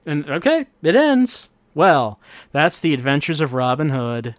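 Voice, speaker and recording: A man's voice: fairly high pitch, big pitch swings, unhurried, no room sound, clean studio sound. A man giving casual gameplay commentary as host, wry and musing, thinking aloud as he plays. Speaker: let's-play host. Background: faint game music.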